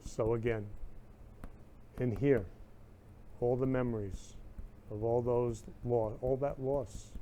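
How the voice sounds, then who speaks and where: A man's voice: mid-range voice, steady tone, slow pace, pauses often, mellow, slight background noise. Effusive emotional male talk show host. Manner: emotional, effusive, reads viewer comments aloud. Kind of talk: live-streamed casual talk show.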